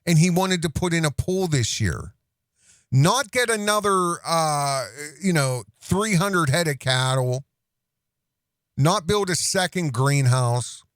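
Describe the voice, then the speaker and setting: A man's voice: fairly high pitch, expressive, slow pace, fairly bright tone, no room sound, clean studio sound. A middle-aged man hosting a reaction commentary show, mocking and sarcastic, breaking into laughs as he talks.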